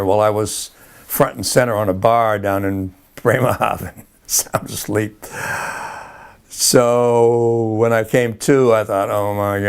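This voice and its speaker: An older man with a fairly low voice recounts memories in an interview. His telling is loose and rambling, full of restarts, and he often chuckles as he goes. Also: smooth. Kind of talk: oral history interview.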